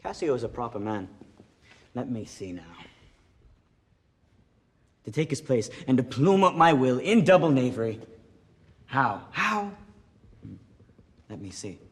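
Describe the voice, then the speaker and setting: An acting student playing Iago, a scheming villain, in a Shakespeare monologue that swings between hushed plotting and loud outbursts. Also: male voice, medium pitch, very animated, unhurried, pauses often.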